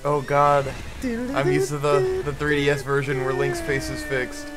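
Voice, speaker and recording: A young man co-hosting a let's play, relaxed and teasing, laughing often as he chats. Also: on the high side, unhurried, over loud music. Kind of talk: casual gaming commentary.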